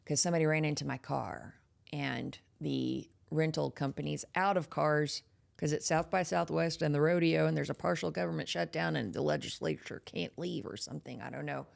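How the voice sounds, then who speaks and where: A woman's voice: deep voice, moderate pace, vocal fry. A woman with a Texas accent hosting a horror podcast in casual, playful live chat that teases her audience. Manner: chatty and playful, teasing the audience.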